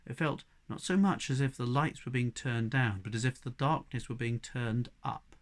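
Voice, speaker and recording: A man reading a novel aloud as audiobook narration, measured and expressive, at a middling pitch. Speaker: reader.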